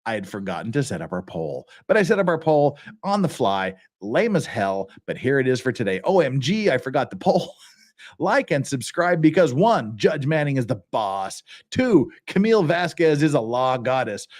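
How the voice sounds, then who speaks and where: Male streamer host, lively swinging pitch, rambling casual commentary, dismissive and self-mocking. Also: normal speed. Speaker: livestream host.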